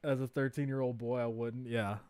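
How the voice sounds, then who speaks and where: A man's voice: mid-range voice, flat delivery, brisk, darkish tone, smooth. A young man streaming a casual live reaction, blunt, profane and incredulous, often laughing.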